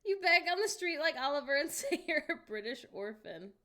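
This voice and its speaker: A young American woman's high, sing-song voice, bright and forceful and a little fast, leads a casual livestream. She reads chat aloud, jokes and laughs often, and erupts in incredulous outbursts.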